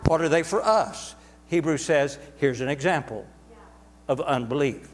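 A man's voice: fairly high pitch, a little slow, in a large hall. A man preaching a sermon to a congregation, emphatic and repetitive, drawing words out for stress. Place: church sanctuary.

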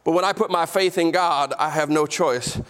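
A man preaching a sermon as pastor, emphatic, slowing down to stress key phrases and calling out to the congregation. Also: on the high side, a bit bright. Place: church sanctuary.

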